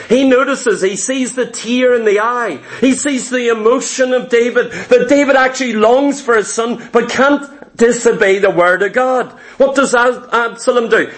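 A man's voice: very high-pitched, a bit bright. A man preaching a sermon, retelling a Bible story with impassioned, dramatic delivery.

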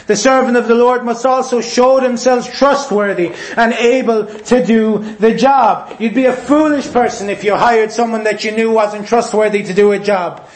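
High-pitched guy preaching, forceful, echoey church room. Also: steady tone, moderate pace, few pauses. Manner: forceful, repetitive, mimics voices. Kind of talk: sermon. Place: church hall.

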